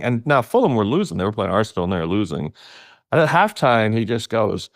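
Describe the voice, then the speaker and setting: Animated, low-voiced middle-aged man storyteller. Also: brisk, no room sound, studio quality. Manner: animated storyteller, laughs often, voice jumps up for emphasis. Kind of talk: casual conversation.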